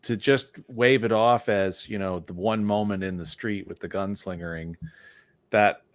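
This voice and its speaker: A man's voice: fairly low pitch, fairly even intonation, unhurried, dry recording. A man hosting a casual discussion, talking emphatically and with strong opinions.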